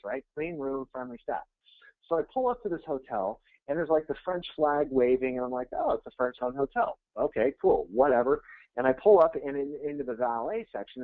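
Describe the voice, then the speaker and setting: A man coaching real estate agents in a webinar, telling jokey, energetic stories. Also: mid-range voice, no echo. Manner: energetic, joking, fast anecdotes. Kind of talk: webinar coaching talk with storytelling. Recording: tinny phone-like line, dry.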